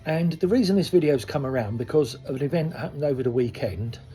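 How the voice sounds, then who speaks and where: A man's voice: on the high side, fast talker. Frank older man talking to camera. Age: 60s. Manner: conversational, frank, rambling with asides. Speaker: koi dealer. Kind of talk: casual talk to camera. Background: soft soul music.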